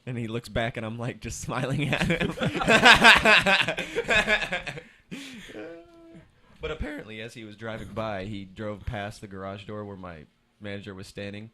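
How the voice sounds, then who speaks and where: A young man with a somewhat low voice spins an animated, profane story for his friends. He slips into the voices of the people he quotes, and his speech stays loose and conversational throughout. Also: brisk. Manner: animated storytelling, acts out quotes, swears freely. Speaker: podcast co-host. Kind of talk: casual chat among friends.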